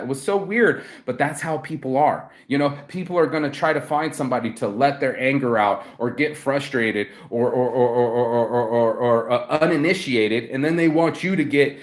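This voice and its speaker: A man talking to camera in a rambling personal vlog rant, profane and animated, full of restarts and repeated filler words. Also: a little high, moderate pace, hardly any pauses. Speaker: vlogger. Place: outdoors among trees.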